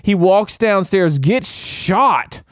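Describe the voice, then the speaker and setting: Animated rambling podcast guy. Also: high-pitched, takes it slowly, no room sound, clean studio sound. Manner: rambling, animated, acts out characters' lines. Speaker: podcast co-host. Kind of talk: casual chat recapping a movie.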